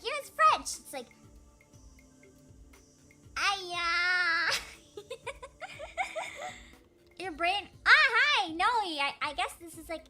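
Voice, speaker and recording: Young woman, high-pitched, bright tone, giggly casual chat, faint music behind. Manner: chatty, giggly, self-deprecating. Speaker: vtuber streamer.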